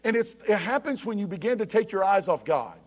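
A man's voice: sits high, animated, a little fast. A man, preaching a sermon to a church and breaking in often to ask if the congregation is ready. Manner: preaching with rising emphasis and repeated calls of "you ready?". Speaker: pastor.

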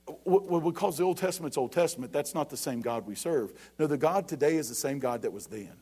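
Man, pastor, high voice, sermon, emphatic, stumbling restarts. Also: expressive, brisk, a little mellow, husky. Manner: preaching, with repeated words and restarts, rising to emphatic calls.

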